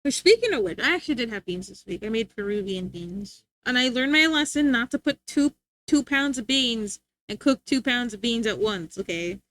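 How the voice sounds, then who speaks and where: A woman's voice: on the high side, animated, normal speed, fairly bright tone, dry recording. A woman streaming live and chatting casually with her chat, playful and teasing, laughing often.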